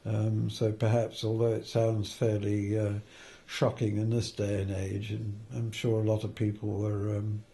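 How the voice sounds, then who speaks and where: A man's voice: fairly low pitch, completely flat delivery, unhurried, hardly any pauses, mellow. An older man, a film editor, telling anecdotes in an interview, hesitant with fillers and restarts and the odd chuckle.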